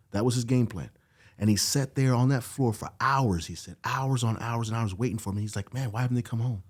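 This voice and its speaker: Man telling a story in a low, dark voice. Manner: animated storyteller, acts out quoted dialogue. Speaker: podcast guest. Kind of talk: storytelling in casual conversation. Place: podcast studio.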